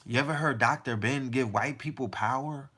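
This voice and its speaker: A man's voice: medium pitch, normal speed, pushed and bright, breathy edge. A man hosting a podcast, delivering a heated, profane monologue full of rhetorical questions. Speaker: podcast host.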